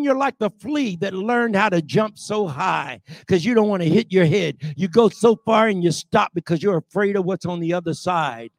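A man preaching a sermon, emphatic and often shouting, calling out rhetorical questions to the congregation. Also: sits high, animated, moderate pace, few pauses, dry recording, clean studio sound.

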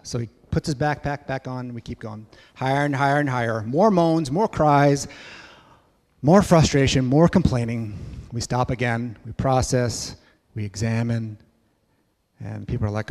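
A man telling a story in a sermon at church, lively and acting out voices. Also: mid-range voice, normal speed, in a large hall. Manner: animated storyteller, acts out kids' voices. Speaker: church speaker.

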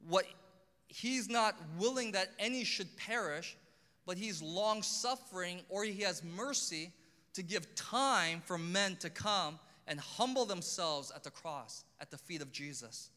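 High, bright-voiced man preaching. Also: animated, a little slow, in a large hall. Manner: earnest, pleading emphasis. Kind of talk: sermon.

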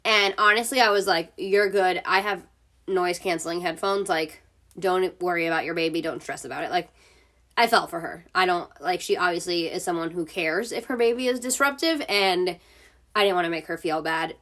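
Hosting a casual solo podcast from home, a woman tells chatty stories, swears freely and peppers her speech with "like." Her voice is fairly low and fairly bright, at a moderate pace.

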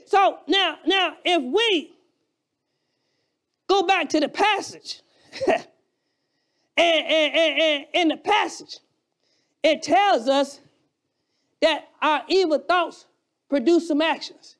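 High-pitched preacher yelling through a sermon, repeats lines, then drops into quick quiet asides. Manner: shouting, emphatic, repeats phrases for effect.

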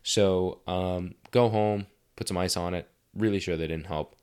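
A man's voice: low voice, steady tone, measured pace, a little mellow, clear, resonant tone. A young man casually telling a story as a podcast host, rambling and swearing often. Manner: rambling, profane, filler-heavy.

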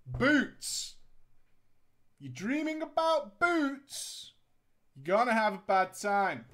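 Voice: medium pitch, fairly bright tone. A storyteller reading a gaming story aloud and riffing on it sarcastically, swearing and laughing at it. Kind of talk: comedic story reading with commentary.

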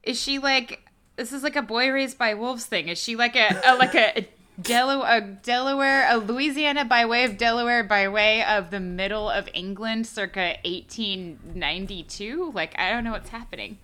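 A woman's voice: on the high side, moderate pace, sharp tone. A woman co-hosting a podcast, chatting casually and sarcastically about a movie, laughing often. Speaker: podcast co-host. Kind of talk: casual movie review chat.

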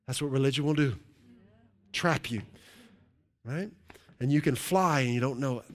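A man preaching as pastor, telling a story with rising energy and then praying in a quiet, hushed voice. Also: mid-range voice, normal speed, pauses often. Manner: animated storytelling, dropping to a soft, hushed prayer. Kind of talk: sermon.

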